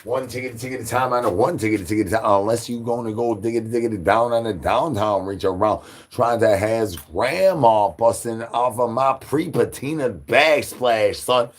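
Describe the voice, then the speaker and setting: A man hosting a live stream, talking to chat in rapid rhyming nonsense banter. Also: medium pitch. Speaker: livestream host.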